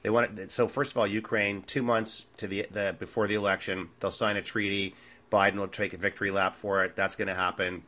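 A man's voice: on the low side, flat delivery, a little fast, bright, forceful tone. A man co-hosting a political talk show, talking bluntly and emphatically, with mocking asides. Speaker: podcast co-host. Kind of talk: casual political chat.

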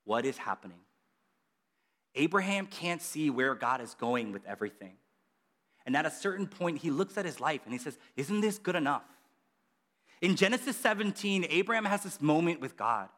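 A man preaching a casual sermon, chatty and animated, acting out quotes with lots of fillers. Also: high-pitched.

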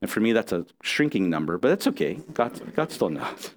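A man's voice: on the low side, sing-song, brisk, a little hiss or hum. A middle-aged man preaching a sermon as pastor, earnest and conversational, with restarts and asides to the congregation.

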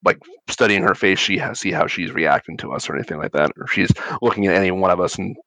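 Deep-voiced man musing aloud. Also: fast talker, bright, forceful tone, no room sound, rough recording. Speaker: player. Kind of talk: casual tabletop play.

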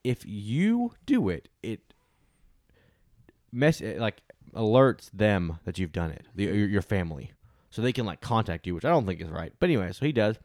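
A man's voice: fairly low pitch, big pitch swings, moderate pace, a little mellow, no room sound, studio quality. A young man rambling casually through a movie review, full of fillers and restarts.

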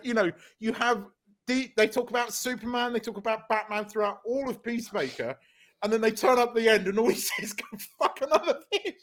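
A man co-hosting a podcast, chatting casually and retelling scenes with lots of laughter. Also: extremely high pitch. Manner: animated, laughing storyteller. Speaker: podcast co-host. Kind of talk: casual chat.

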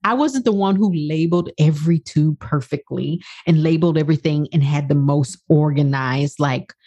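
A woman's voice: low-pitched, moderate pace, mellow. A woman in her sixties, a life coach hosting her own podcast, talking passionately and bluntly, with swearing for emphasis. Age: 60s. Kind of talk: podcast monologue.

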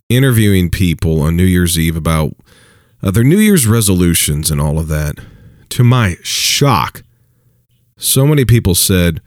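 A man's voice: low-pitched, a little mellow, dry recording, clean studio sound. A man preaching dating advice in a casual talk, emphatic and repetitive, chuckling between points.

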